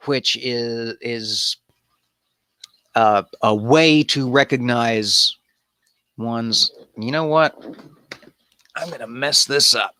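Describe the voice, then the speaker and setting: Brief: man, unhurried and irreverent, lively pitch, bright dry voice. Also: no room sound. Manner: irreverent, wandering asides. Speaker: host of an improvised bible study. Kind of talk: casual reading and commentary.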